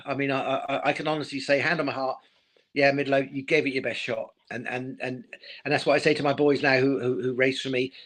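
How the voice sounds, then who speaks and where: Rapid, stammering man. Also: medium pitch, fairly bright tone. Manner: rapid, repeats words, emotional. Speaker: speedway team manager, former rider. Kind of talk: casual live-stream interview.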